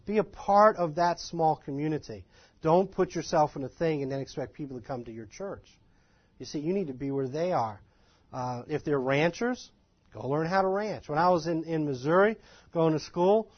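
A man giving an informal, animated and self-deprecating lecture to a live class of ministry students, in a folksy manner. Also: a little high, breathy edge, no echo, lo-fi sound. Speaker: ministry trainer.

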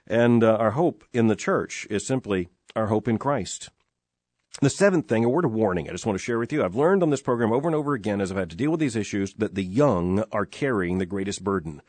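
A man's voice: on the low side, animated, a little fast, darkish tone, dry recording. A middle-aged man hosting a radio show from a studio, talking in an earnest, emphatic way with lots of "uh" fillers. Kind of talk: reflective radio talk. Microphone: studio microphone.

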